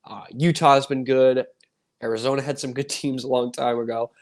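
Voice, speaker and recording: A man's voice: medium pitch, steady tone, moderate pace. A man co-hosting a casual sports podcast, ranting in a rambling way and acting out quoted voices. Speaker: podcast co-host.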